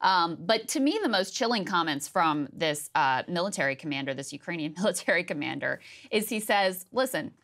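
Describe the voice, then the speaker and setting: A woman co-hosting a political talk show, discussing the news in an agreeable, chatty way, with her voice jumping high for emphasis. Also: animated, fairly quick, few pauses, fairly bright tone. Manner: agreeing, laughing lightly, rises high for emphasis.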